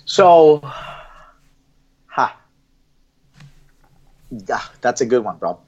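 Speaking very slowly in a medium-pitched, animated, slightly mellow voice, this middle-aged man from Colombia is a former Olympic athlete guesting on a casual interview. He has a Colombian Spanish accent, is blunt, swears freely, and keeps restarting sentences, all captured in dull lo-fi sound.

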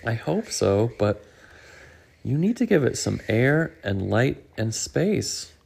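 A man voicing a patient, kindly bird who calmly explains things in a storybook. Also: mid-range voice, slow, creaky, breathy edge, exaggerated voice. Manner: calm and explaining.

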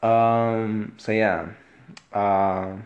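A man talks slowly and unhurriedly on his own podcast. His voice sits low, and it is soft. He rambles in a laid-back way, swearing freely. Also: flat delivery, lo-fi sound. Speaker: podcast host. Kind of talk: casual solo podcast chat.

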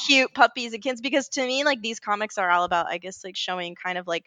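A woman co-hosting a casual podcast, telling stories in an animated, rambling way, full of fillers and self-corrections. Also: mid-range voice, fast, over a noisy crowd. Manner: animated storytelling, often laughing. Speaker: podcast co-host. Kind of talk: casual chat.

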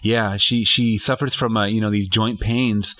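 A man's voice: on the low side, fairly even intonation, unhurried, pushed and bright. A man co-hosting a casual film review podcast, rambling with restarts and casual swearing. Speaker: podcast co-host, movie reviewer. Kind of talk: casual chat.

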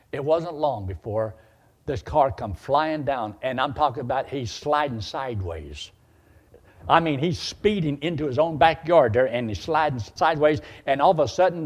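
A man's voice: mid-range voice, a little mellow, slightly rough. An older man telling a story in a sermon, folksy and acting out the voices he quotes. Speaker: preacher.

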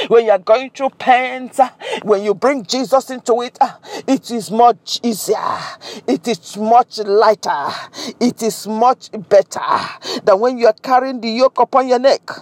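A woman's voice: a little high, dry recording. A woman preaching a sermon with an impassioned, repetitive cadence, recorded close to the mic.

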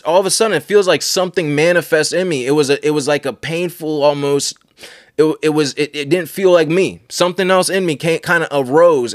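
A man's voice: on the high side, dry recording, clean studio sound. Earnest man sharing a testimony. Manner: earnest, emphatic, repeats phrases for emphasis. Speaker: Christian speaker and podcast host. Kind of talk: casual personal testimony.

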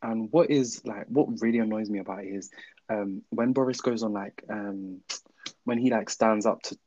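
A man's voice: fairly low pitch, normal speed, a little mellow, no echo, muffled recording. A young man co-hosting a podcast in casual chat, often laughing while he vents his frustration. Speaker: podcast co-host.

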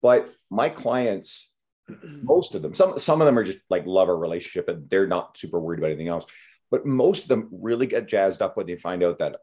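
A man's voice: deep voice, animated, brisk, darkish tone. A man hosting a podcast for coaches, talking in a casual, rambling way with light swearing. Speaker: podcast host, fitness coach.

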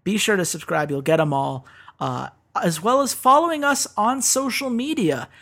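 A man's voice: sits high, animated, moderate pace, vocal fry, fairly bright tone. A man hosting a podcast, chatting upbeat and laughing easily, reading sponsor plugs. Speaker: podcast host. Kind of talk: podcast chat and sponsor read.

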